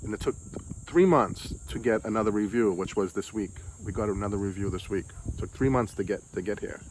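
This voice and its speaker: A man's voice: fairly low pitch, fairly quick, slight background noise. A man from the United States venting in a casual vlog, frustrated, swearing and repeating himself. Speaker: vlogger. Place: home in the Philippines.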